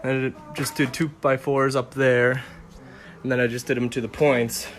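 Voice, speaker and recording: A man's voice: mid-range voice, level tone, soft background music. Casual man narrating his garage project. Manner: halting, explains with fillers. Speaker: DIY boat restorer. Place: home garage. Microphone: phone camera.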